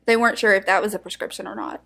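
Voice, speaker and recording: A woman's voice: medium pitch, very animated, racing, pushed and bright. Woman, podcast co-host, casual true-crime chat, emotional, blunt. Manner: emotional, outspoken, swears.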